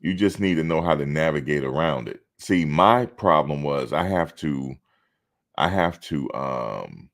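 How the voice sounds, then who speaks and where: Very deep-voiced, blunt man hosting a stream. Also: expressive, measured pace, a bit bright. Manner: blunt, outspoken, swears freely. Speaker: live stream host. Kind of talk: casual live stream commentary.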